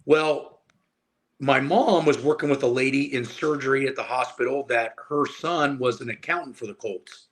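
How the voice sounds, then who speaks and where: A man in his forties from Indiana speaks as a podcast guest at a middle pitch. He tells his story in a loose, animated way and swears freely. His tone is casual and conversational throughout. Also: moderate pace. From Indiana, USA. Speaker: guest, powerlifter and strength coach.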